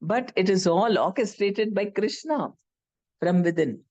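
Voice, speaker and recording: A class speaker with an Indian English accent, retelling a scripture story in an animated way and often correcting themselves mid-sentence. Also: mid-range voice, measured pace.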